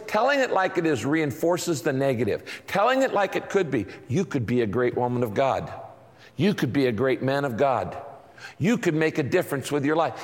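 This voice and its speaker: A middle-aged man preaching a sermon as a pastor, emphatic and repeating his catchphrases for the congregation. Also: fairly high pitch. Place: large church sanctuary. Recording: long reverb of a large hall.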